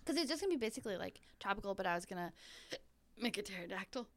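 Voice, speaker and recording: A woman's voice: mid-range voice, lively intonation, very fast. A woman from Northern Wisconsin hosting a podcast in casual chat, rambling and wry with lots of fillers. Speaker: podcast host.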